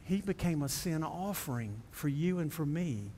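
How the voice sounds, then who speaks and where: Man, pastor, folksy sermon, rising to fervent preaching, slightly high voice, long church echo. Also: animated, normal speed, dark tone, slight background noise. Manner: builds to impassioned high-pitched preaching; folksy, speaks directly to the congregation. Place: church sanctuary.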